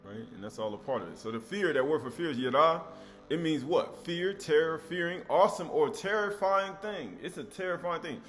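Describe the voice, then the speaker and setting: A man's voice: fairly high pitch, lively intonation, fairly quick, fairly bright tone, soft background music. A man giving a scripture teaching, emphatic, repeating key words and asking rhetorical questions.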